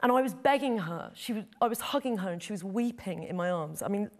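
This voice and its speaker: A woman's voice: mid-range voice, expressive, fast, a little mellow. A middle-aged woman, a photojournalist, telling a personal story in an interview, earnest and heartfelt. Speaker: photojournalist guest.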